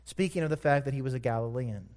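A man preaching a sermon, retelling a scripture story with emphatic, drawn-out words. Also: medium pitch, darkish tone.

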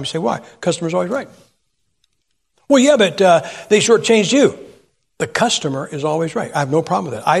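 A man in a church sanctuary preaches a humorous sermon, telling folksy stories, putting rhetorical questions to the crowd and acting out voices. His voice is a little high, and the audio has a big-room sound.

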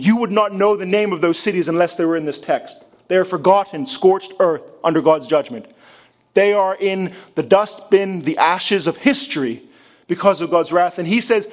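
A male pastor with a very high-pitched voice preaches to a congregation. He delivers his sermon with passion and keeps asking rhetorical questions. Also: normal speed.

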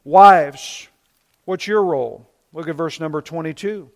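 A man in his fifties, a pastor delivering a sermon in an emphatic preaching manner, slowing down to stress key words. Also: on the high side, vocal fry.

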